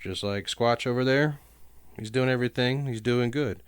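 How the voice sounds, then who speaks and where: Man, podcast co-host, rambly and self-mocking, smooth voice. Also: mid-range voice, moderate pace, no room sound. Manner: rambling, laughs often, self-deprecating. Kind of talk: casual comedic chat.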